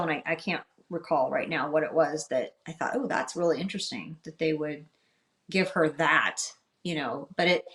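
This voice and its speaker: A woman's voice: lowish voice, a bit bright. A woman co-hosting a podcast after-show, chatting and thinking aloud as she recalls an episode. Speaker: podcast co-host. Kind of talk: casual after-show chat.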